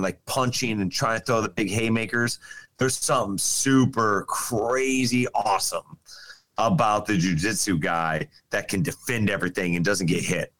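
A man's voice: fairly low pitch, a bit bright, no room sound. A man chatting casually on a podcast, easygoing and enthusiastic, with slangy speech. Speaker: podcast co-host. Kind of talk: casual chat.

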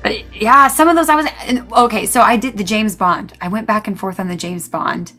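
Animated female podcast co-host from the US, exclamatory, laughs a lot, mid-range voice. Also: mid-range voice, moderate pace, faint music behind. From United States. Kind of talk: casual chat.

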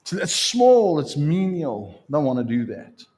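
A man preaching a sermon as pastor, in an animated, conversational way. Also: on the high side, unhurried.

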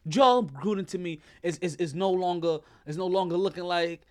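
A man's voice: high voice, normal speed, darkish tone. A man hosting a sports podcast, ranting in casual commentary, repeating himself and rattling off stats. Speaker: podcast host.

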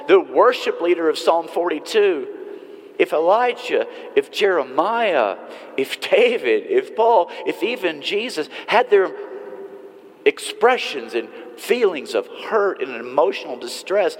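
A man preaching a sermon in an earnest way, slowing and softening some phrases and pushing others for emphasis. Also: high-pitched, big-room sound. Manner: earnest, varies pace and loudness for emphasis. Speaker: pastor.

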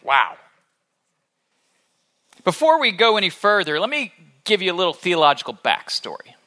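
A male pastor preaching a sermon in an animated, conversational storytelling manner. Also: high-pitched, normal speed.

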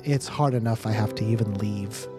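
A man's voice: fairly low pitch, normal speed, music in the background, pitched below the performer's own voice, natural voice. A man voicing a weary mother who is leaving her baby, with tense, clipped replies. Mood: strained.

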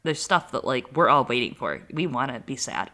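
A woman's voice: rumbling low, expressive, moderate pace, sharp tone. A woman co-hosting a podcast, retelling a series in dramatic, playful casual chat with crude jokes. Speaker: podcast co-host.

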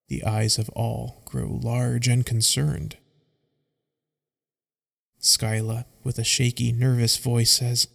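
Man reading a story script slow, gravelly voice, echoey hall. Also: mid-range voice, level tone. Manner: reads scene directions aloud, measured. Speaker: narrator.

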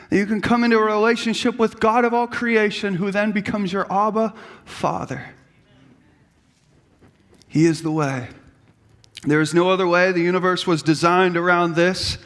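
High-pitched impassioned male preacher. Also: big-room sound. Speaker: pastor. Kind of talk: sermon.

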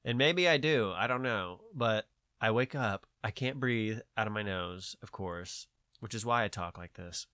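A man's voice: lowish voice, measured pace, dry recording. A man with a nasal voice, talking in casual podcast chat, rambling and swearing as he tells a story. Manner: rambling, profane, animated storytelling. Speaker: podcast host.

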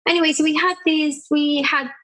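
A woman, an artist chatting on a podcast and telling animated stories about her public artworks. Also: sits high, a little fast, poor audio. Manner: animated storyteller, acts out people's voices. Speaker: artist guest. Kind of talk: casual podcast conversation.

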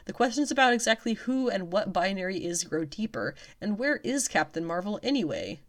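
A woman's voice: medium pitch, big pitch swings, a little fast. A woman casually reading out upcoming comic releases, with chatty, wry asides between listings. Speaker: comics news vlogger.

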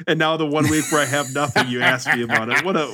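A man's voice: fairly high pitch, steady tone, fast, noisy background. A man co-hosting a podcast in casual chat, teasing his friends and swearing. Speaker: podcast co-host.

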